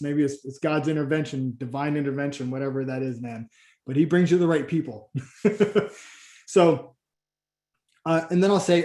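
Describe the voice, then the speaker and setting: Casual coaching man, mellow and echoey. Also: a little high. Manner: casual, rambling, acts out client dialogue with many restarts. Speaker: Christian business coach. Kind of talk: coaching training session.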